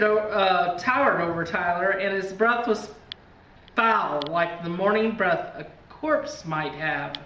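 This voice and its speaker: Woman reading a spooky storybook slowly. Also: medium pitch, pushed and bright. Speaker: reader. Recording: distant, echoey, dull, faint hiss.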